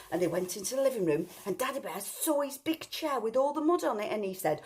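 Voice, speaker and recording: Lively woman telling a fairy tale. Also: a little high, fast talker, hardly any pauses. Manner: lively and sing-song, asking the children questions. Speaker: storyteller. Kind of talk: children's story reading.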